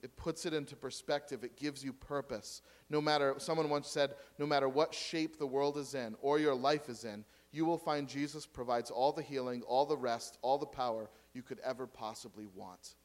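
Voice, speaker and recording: A man preaching a sermon to a congregation, swinging between loud emphatic points and quiet asides and questions. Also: mid-range voice, fairly even intonation, normal speed, hardly any pauses. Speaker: pastor.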